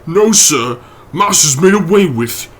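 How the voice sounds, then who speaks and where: A man's voice: fairly high pitch, lively intonation, measured pace, a bit bright, pitched above the performer's own voice. A man voicing a frightened, loyal middle-aged butler who speaks urgently and pleadingly. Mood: anxious urgent.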